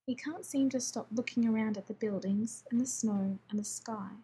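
Woman narrating a story, steady. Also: a little high, moderate pace, slight background noise. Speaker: story reader. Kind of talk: scripted narration.

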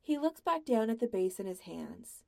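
A woman reading a story aloud in a soft, quiet, intimate way. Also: a little high, very animated, normal speed, creaky. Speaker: podfic reader. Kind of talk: scripted narration of fan fiction.

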